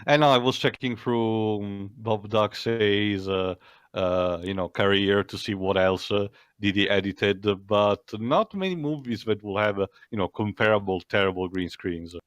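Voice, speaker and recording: A man co-hosting a casual movie commentary, halting with lots of fillers and restarts. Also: fairly low pitch, fairly bright tone, smooth, dry recording. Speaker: podcast co-host.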